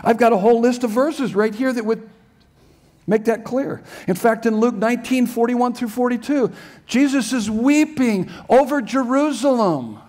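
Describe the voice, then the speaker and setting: A man's voice: very high-pitched, normal speed, darkish tone. An older man preaching a sermon as a pastor in a church sanctuary, earnest and emphatic, with many rhetorical questions.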